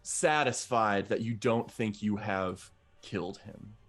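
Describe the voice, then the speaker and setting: A man narrating as game master of a tabletop game, giving calm, measured rulings with frequent fillers. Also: lowish voice, slightly rough.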